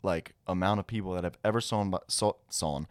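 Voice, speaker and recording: A young man co-hosting a casual podcast, rambling and relaxed. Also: low-pitched, fairly quick, no room sound, studio quality. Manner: rambling, relaxed, laughs often. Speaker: podcast co-host.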